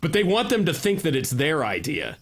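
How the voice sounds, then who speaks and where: A man's voice: fairly high pitch, huge pitch swings, a little fast, slight background noise. A young man co-hosting a gaming stream, trading sarcastic, profane banter and slipping into mocking voices. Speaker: co-host. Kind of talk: casual chat while gaming.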